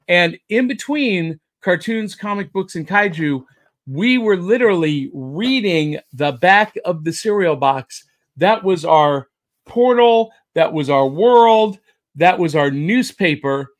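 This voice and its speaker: With a high, slightly bright voice, this pop culture podcast host chats casually, delivering playful, energetic showman banter.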